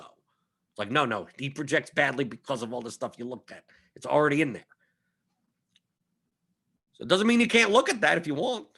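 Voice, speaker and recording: On his fantasy sports live stream, a young man with a bright, forceful, medium-pitched voice gives casual analysis. He's emphatic and repetitive, habitually punctuating his points with "right?"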